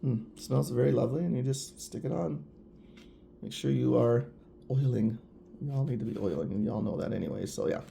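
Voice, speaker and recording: A man's voice: mid-range voice, brisk, gravelly, mellow, slight background noise. A man chatting casually and enthusiastically to viewers while reviewing products. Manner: gushing, chatty, addresses viewers directly. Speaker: nail polish reviewer.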